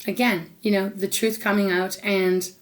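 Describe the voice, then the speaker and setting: Over background noise, a woman gives an unscripted, intuitive tarot reading in a mid-range, level voice at a moderate pace. Earnest and emotional, she addresses the viewer directly and speaks aloud to Spirit between cards.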